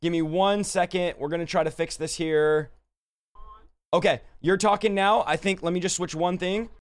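High-voiced man hosting a live stream. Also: fairly even intonation. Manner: hurried, talking through fixing audio problems. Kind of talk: casual live-stream talk.

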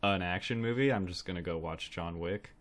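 A man's voice: low-pitched, a little fast. A man co-hosting a film podcast, talking in a laid-back, wry way with the odd chuckle. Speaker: podcast co-host reviewing films. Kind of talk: casual chat.

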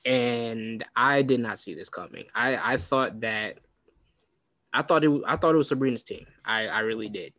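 A man's voice: medium pitch, moderate pace, bright, forceful tone, no room sound. A man hosting a casual sports talk show, chatty and rambling, with plenty of restarts and fillers. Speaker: podcast host.

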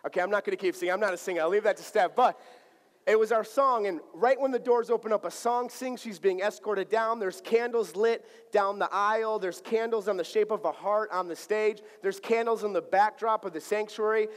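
A high-voiced pastor delivers a sermon built on personal storytelling, speaking fairly quickly with playful energy and acting out each exchange of dialogue. The sound rings through a big church sanctuary with a long, trailing reverb.

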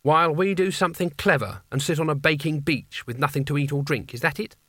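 A man voicing a blunt, practical young woman who speaks briskly. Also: on the high side, a bit bright, no room sound, clean studio sound. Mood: curt. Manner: brisk, no-nonsense.

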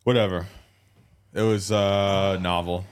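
A deep-voiced man chats on a podcast, hedging his words and leaning on "like" as he gropes for the right term. The sound is dry and close, with no room around him. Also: steady tone, smooth, no echo. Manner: hedging, halting, heavy use of "like". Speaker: podcast co-host. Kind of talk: casual podcast chat.

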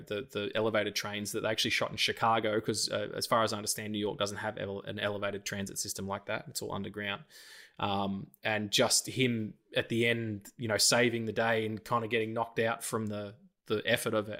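A man's voice: on the low side, a little fast. A man co-hosting a podcast, chatting casually and animatedly with frequent swearing. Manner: animated, sweary, quotes lines from films. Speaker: podcast co-host. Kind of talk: casual chat.

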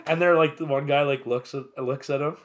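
A man's voice: a little high, fairly even intonation, fairly quick. Laid-back cursing storyteller man. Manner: laid-back, swears constantly, acts out quotes with laughter. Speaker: podcast co-host telling a story. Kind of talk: casual storytelling chat.

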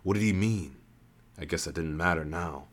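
Low-voiced man reading a first-person story. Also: moderate pace. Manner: earnest, with frequent restarts and rereads.

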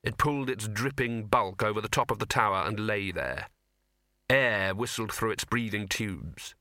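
Man narrating with a bright, dry voice. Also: fairly low pitch, moderate pace, no echo. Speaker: audiobook narrator. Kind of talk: scripted narration.

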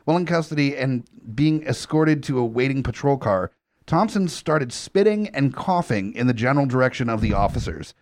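A man's voice: mid-range voice, animated, normal speed, darkish tone, no echo. A man hosting a podcast, reading out news stories and riffing on them with frequent laughter. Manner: reads headlines then riffs, laughs often. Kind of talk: casual comedic chat.

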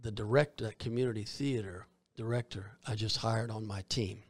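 A Southern US man with a low-pitched voice, a minister recounting his stage ministry for an interviewer. He rambles, circling back and restarting phrases as he goes. His tone stays conversational and easy. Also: fairly even intonation, moderate pace. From Georgia, US. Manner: rambling, with many fillers and restarts. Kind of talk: storytelling in an interview.

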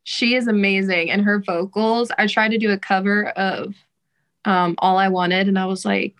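A woman's voice: medium pitch, fairly even intonation, normal speed, fairly bright tone, low-quality recording. A young woman, a singer, chatting casually as a podcast guest, laughing often and using casual slang and swearing. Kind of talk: casual interview chat.

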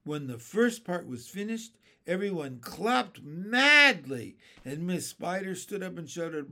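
A man reading a children's storybook aloud, expressive and unhurried. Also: high-pitched. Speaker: narrator.

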